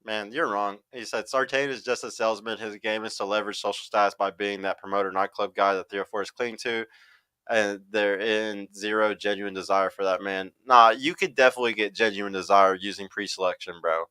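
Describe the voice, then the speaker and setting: A man's voice: fairly low pitch, steady tone, brisk, sharp tone, smooth, no room sound, low-quality recording. A man hosting a livestream, reacting to a clip and reading chat comments aloud in a blunt, profane, casual way.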